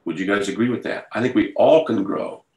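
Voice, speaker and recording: A man with a lowish voice preaches a sermon over a video call. He talks in a loose, conversational way and then builds into fervent storytelling. The room has a roomy echo around him. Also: fairly quick, darkish tone. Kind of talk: sermon to an online group.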